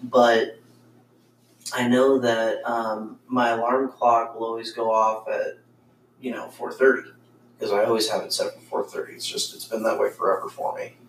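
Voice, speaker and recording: A man's voice: medium pitch, flat delivery, normal speed. A man casually telling a ghost story on a podcast, rambling with lots of swearing and fillers. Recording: roomy, distant mic with faint noise.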